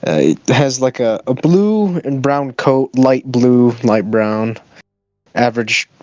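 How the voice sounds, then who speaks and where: A man playing in a tabletop game, describing his character hesitantly, with pauses and fillers. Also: medium pitch, expressive, darkish tone, no echo, muffled recording, soft background music. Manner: hesitant, slow, halting. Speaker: player.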